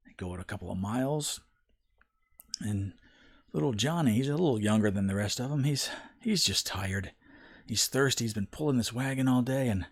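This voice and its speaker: A man's voice: medium pitch, normal speed, long pauses. A man giving opinion commentary, telling a parable in a folksy, emphatic storytelling manner.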